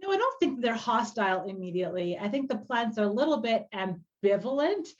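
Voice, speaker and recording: A woman's voice: a little high, sing-song, brisk, muffled recording. A woman game master casually describing a character's actions at a tabletop game.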